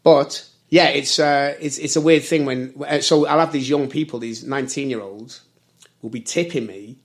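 A man's voice: medium pitch, steady tone, moderate pace. A man in his thirties from the United Kingdom, chatting casually and rambling, correcting himself often with many fillers. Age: 30s. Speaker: service worker and conversation guest. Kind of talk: casual chat.

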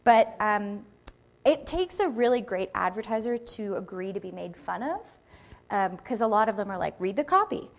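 A woman's voice: mid-range voice, moderate pace, gravelly. Chatty, upbeat woman presenter. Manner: chatty, enthusiastic, many fillers. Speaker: conference speaker. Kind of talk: casual live presentation.

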